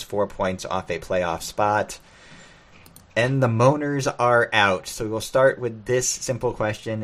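A deep-voiced New man, dry. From New England. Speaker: podcast co-host. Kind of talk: casual podcast chat.

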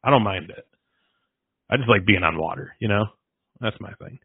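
A man's voice: lowish voice, moderate pace, breathy edge, no echo. Casual male podcast host, rambling storyteller who laughs a lot, dry phone-like audio. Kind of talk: casual chat. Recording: dry tinny phone-like sound.

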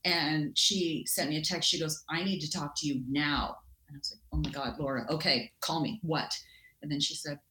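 A Canadian woman, a guest in a casual interview, telling stories in an animated way and acting out quotes. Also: deep voice, normal speed, roomy sound, a little hiss or hum. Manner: animated, acts out quotes in lively voices.

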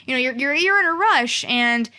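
A young woman, a guest cosplayer in a casual podcast interview, chatty and animated, acting out what fans say to her. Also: high-pitched, normal speed.

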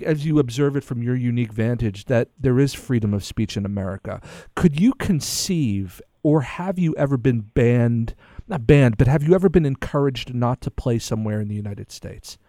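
A man's voice: mid-range voice, warm tone, no echo, studio quality. A man interviewing a guest, asking long, rambling questions that he restarts as he thinks aloud.

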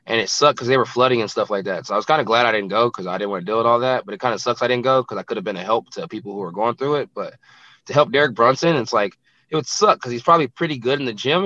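A man's voice: medium pitch, pushed and bright, no echo, muffled recording. A man who is a professional fighter, talking bluntly and brashly in a casual interview, filling his speech with "you know, it's like".

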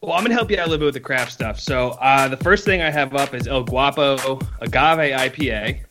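A man rattling along quickly in an upbeat, easygoing podcast chat. He comes through a video call, with clear music in the background. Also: medium pitch, pushed and bright. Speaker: podcast panelist.

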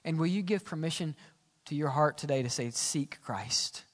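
A man preaching a sermon as pastor, swinging from loud exclamations to hushed, quiet lines. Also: fairly high pitch, quick pace. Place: church sanctuary. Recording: church hall reverb.

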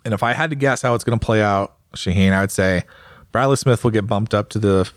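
A man's voice: on the low side, brisk, no room sound, clean studio sound. A man co-hosting a casual podcast, talking in a rambling way with lots of fillers and restarts. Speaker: podcast co-host, motorcycle rider. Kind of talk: casual chat.

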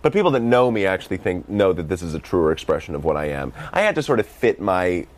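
A young man with a very low voice and a light Boston accent talks in a loose, rambling way, full of "like"s. He is self-deprecating and casual as an interview guest. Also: big pitch swings, fast. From Massachusetts, USA. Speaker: film director and comedian guest.

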